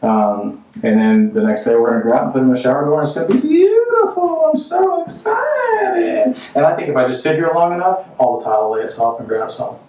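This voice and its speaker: A man on a home renovation job site, chatting casually and rambling through deadpan, self-mocking jokes. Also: mid-range voice, rapid-fire, hardly any pauses. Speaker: contractor and vlog host. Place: house under renovation, indoors. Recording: roomy, distant, dull sound.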